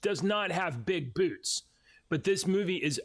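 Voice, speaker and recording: A man's voice: high-pitched, expressive, measured pace, a bit bright. A man co-hosting a casual podcast chat, hedging and arguing his points with many restarts. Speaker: podcast co-host.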